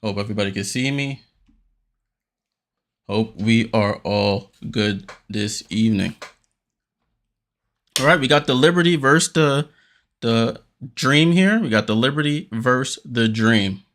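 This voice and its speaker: A man hosting a watchalong stream, giving casual play-by-play commentary, a little out of breath and getting more energetic on big plays. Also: mid-range voice, a little slow, pauses often. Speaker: watchalong host.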